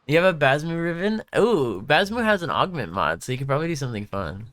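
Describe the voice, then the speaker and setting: A man's voice: a little high, sing-song, fast, fairly bright tone, no echo. A young man streaming live, chatting casually and rambling through stories while answering questions from chat.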